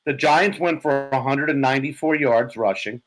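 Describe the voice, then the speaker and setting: A man co-hosting a sports podcast, talking excitedly and profanely about his team's win, his voice a bit hoarse. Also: mid-range voice, moderate pace, poor audio. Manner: animated, profane, laughing. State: hoarse from yelling. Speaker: podcast co-host, Giants fan.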